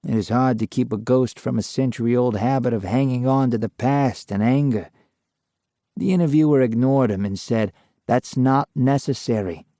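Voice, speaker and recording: An older man narrating a true ghost story in a slow, measured way. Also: medium pitch, mellow, no room sound, clean studio sound.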